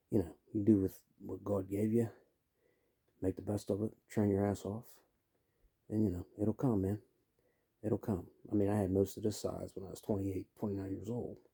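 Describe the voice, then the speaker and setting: A man in his fifties talks in a loose, rambling rant, full of "you know" and "man". His low voice is gravelly and husky, with a very dark, mellow tone. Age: 50s. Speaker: vlogger. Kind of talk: casual rant to camera.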